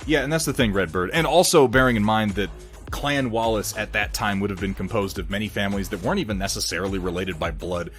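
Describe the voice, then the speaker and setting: A man's voice: quick pace, fairly bright tone, faint music behind. An American man chatting casually with stream viewers while he paints, rambling and mocking himself. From United States. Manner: rambling, self-mocking banter with sudden jumps in pitch.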